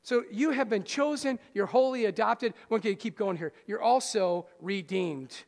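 In a church hall full of long, ringing reverb, a high-voiced male pastor preaches to his congregation at an unhurried pace. He swings between loud, rousing lines and hushed, soft ones, speaking straight to his listeners and repeatedly asking them questions.

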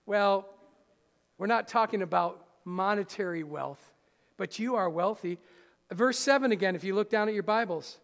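A man with a high voice preaches a sermon to his congregation. He swings from loud rousing lines to hushed soft ones and keeps asking his listeners questions. The hall rings with a long reverb. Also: normal speed, creaky. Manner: speaks straight to the congregation with questions. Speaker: pastor. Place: church hall.

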